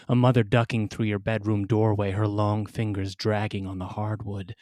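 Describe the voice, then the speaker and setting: A man hosting and telling a scripted personal story, with wry, dramatic delivery and pointed pauses. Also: fairly low pitch, a little mellow, no room sound, studio quality. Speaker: storyteller and podcast host.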